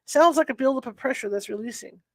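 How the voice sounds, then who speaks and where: A woman's voice: sits high, fast, no room sound. A woman reading the lines of a matter-of-fact male city water worker in a storybook, explaining plainly and confidently.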